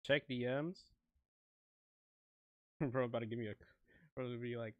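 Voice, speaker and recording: During a live stream of his music production, a young man talks casually at a moderate pace in a steady, mid-range voice, rambling, breaking off mid-thought and often laughing. The audio has no echo, but the highs are cut off.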